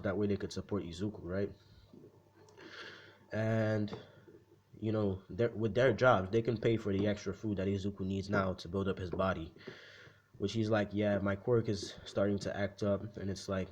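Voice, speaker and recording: A man's voice: lowish voice, a little mellow, slight background noise. A man casually retelling a fan-made story, rambling and slangy, swearing freely as he goes.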